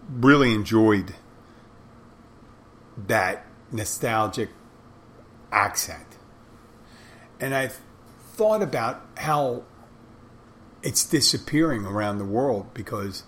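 A man's voice: medium pitch, a bit bright, a little hiss or hum. Rambling man, casual monologue. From Philadelphia, Northeast. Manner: rambling, profane, folksy.

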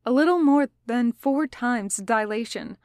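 A woman's voice: a little high, expressive, darkish tone, dry recording, clean studio sound. A woman reading the part of a precise, logical young man who talks in exact, formal phrases. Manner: exact, formal speech, quick when alarmed.

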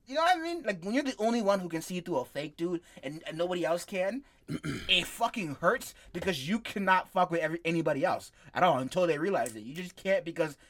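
A man's voice: a little high, lively intonation, fast talker, fairly bright tone. A young man co-hosting a podcast in casual chat, rambling, sarcastic and swearing freely. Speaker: podcast co-host.

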